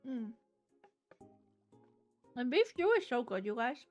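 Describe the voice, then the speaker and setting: Young woman, live streamer, casual chat, giggly, high voice, faint music behind. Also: very animated, slow, darkish tone, muffled recording. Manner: chatty, reads chat aloud, giggly.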